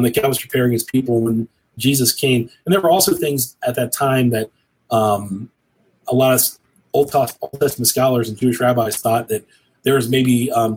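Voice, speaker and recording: A man's voice: mid-range voice, a little mellow, slightly rough, low-quality recording. A middle-aged man talking earnestly and rambling a little, like a preacher, as a guest on a cigar show. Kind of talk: casual conversation.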